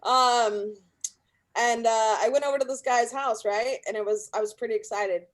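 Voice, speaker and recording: A woman's voice: a little high, fairly even intonation, normal speed. A woman from California doing a brash, profane, self-mocking stand-up set. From Sacramento, California. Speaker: stand-up comedian.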